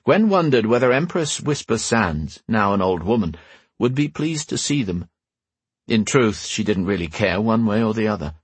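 Man, audiobook narration, lively pitch, husky voice, dry close sound. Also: moderate pace, dry recording. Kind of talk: scripted narration.

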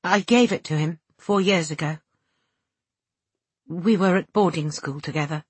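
A woman doing a grieving proud young guy, husky low voice, quiet and strained, storybook reading. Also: measured pace, no room sound. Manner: quiet, strained, trying to hold back tears.

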